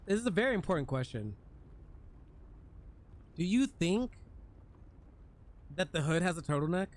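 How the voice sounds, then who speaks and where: Male streamer, casual live chat, joking, fairly high voice, lively pitch. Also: normal speed, a little hiss or hum. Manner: animated, joking, talks to chat while playing. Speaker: game streamer.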